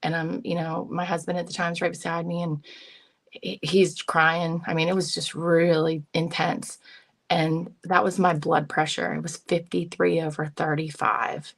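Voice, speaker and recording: A woman's voice: fairly low pitch, flat delivery, measured pace. A woman, a psychic medium, earnestly telling an emotional personal story as an interview guest, often quoting her own thoughts. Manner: earnest and emotional, retelling with self-quotes.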